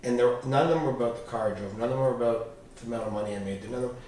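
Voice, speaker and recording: A man's voice: mid-range voice, racing, slight background noise. A man as a podcast guest, telling candid personal stories with swearing and acted-out dialogue. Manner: animated, swearing, acts out quoted dialogue. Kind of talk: candid storytelling interview. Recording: echoey room, distant mic.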